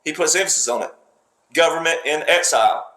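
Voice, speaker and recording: Man, fairly high voice, emphatic, repetitive, lecturing commentary, reverberant room. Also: fairly quick, fairly bright tone. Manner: emphatic, repetitive, speaks in fragments. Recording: roomy echo.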